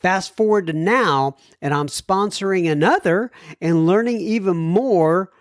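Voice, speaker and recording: At a measured pace, an American man hosting a podcast reads his listeners' messages in a high-pitched voice, stumbling on hard words and adding chatty asides. There's no echo, just clean studio sound.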